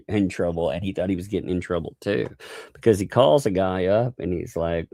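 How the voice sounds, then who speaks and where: A man hosting a casual live stream, mocking the people he talks about, laughing often and putting on high voices to mimic them. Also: moderate pace, gravelly, dark tone, no echo, studio quality. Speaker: channel host.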